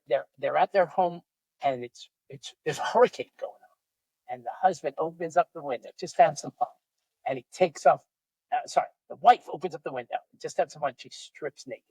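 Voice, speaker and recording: A man's voice: a little high, darkish tone, slightly rough, no echo, rough recording. A man co-hosting a podcast, joking around and telling a long story joke in playful banter. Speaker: podcast co-host.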